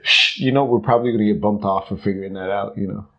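A man co-hosting a relaxed podcast conversation with dry, wry teasing. His voice sits low and has a husky edge. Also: quick pace, muffled recording. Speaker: podcast co-host. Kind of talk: casual chat.

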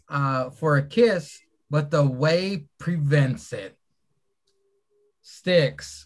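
Slow, measured man recapping matches. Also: a little high. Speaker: podcast host. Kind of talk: recapping matches, casual chat.

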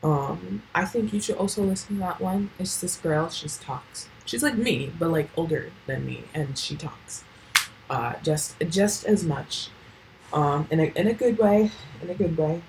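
A woman's voice: low-pitched, unhurried, gravelly, a little hiss or hum, rough recording. A teenage girl talking casually on her own podcast at home, rambling with lots of fillers and casual swearing. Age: late teens. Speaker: podcast host. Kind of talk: casual solo podcast chat.

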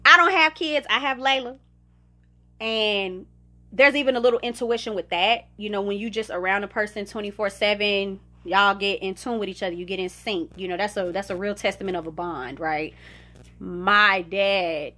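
Young woman, podcast host, candid reflective chat, bright clear tone, laughs now and then. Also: mid-range voice, normal speed. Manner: candid, conversational, laughs often. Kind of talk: reflective personal talk.

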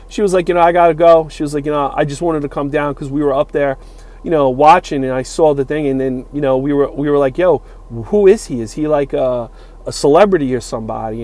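A man's voice: medium pitch, darkish tone. A man in his forties telling a long personal story in a rambling, casual way, full of fillers and quoted dialogue. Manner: rambling, many fillers, acts out quoted lines. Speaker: utility worker telling a story.

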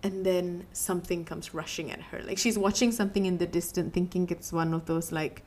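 A woman's voice: lowish voice, steady tone, fairly quick, darkish tone. A woman co-hosting a book podcast, chatting casually, laughing often and acting out quotes from the story. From Malaysia.

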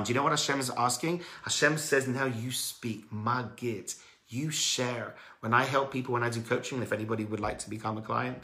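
A man giving an emphatic sermon-style teaching talk as a religious speaker and coach, swinging between loud urging and quiet earnest tones. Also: medium pitch, roomy sound.

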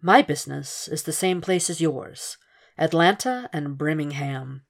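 A woman voicing a husky, taunting male killer speaking on the phone. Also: low voice, a little slow, exaggerated voice. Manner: taunting, quiet.

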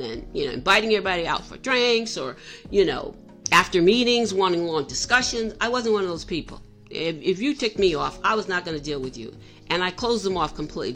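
A woman's voice: lowish voice, a bit bright. A middle-aged woman telling a personal story in a candid, self-reflective way, often restarting her sentences.

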